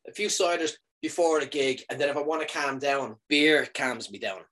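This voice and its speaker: A man in his thirties, a comedian chatting casually and telling animated stories, leaping up in pitch for quoted lines. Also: moderate pace. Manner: animated storyteller, jumps high for quoted lines. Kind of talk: casual chat.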